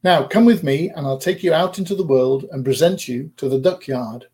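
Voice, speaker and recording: A man's voice: on the high side, normal speed, a little mellow, natural voice. A man voicing a fussy, proud mother duck who scolds, bosses and protects her brood in a storybook reading. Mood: bossy.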